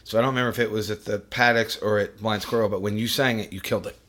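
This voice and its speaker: A man's voice: on the low side, fairly even intonation, rapid-fire, a bit bright. A man hosting a podcast in casual chat, joking and swearing, laughing often. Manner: profane, jokey, laughs often. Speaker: podcast host.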